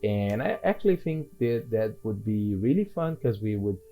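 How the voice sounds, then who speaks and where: A man talks casually over his gameplay in a mellow, darkish voice. He rambles, restarts sentences and keeps putting himself down, while soft music plays quietly behind him. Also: lowish voice, sing-song, moderate pace, rough recording. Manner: rambling and self-deprecating, with frequent restarts. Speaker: gaming video creator.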